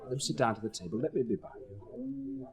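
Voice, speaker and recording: A man's voice: medium pitch, wildly swooping pitch, fast, a little mellow. An actor playing an ardent, lovestruck young baron in his late twenties who speaks tenderly, in a 1960s recorded stage drama. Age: 20s.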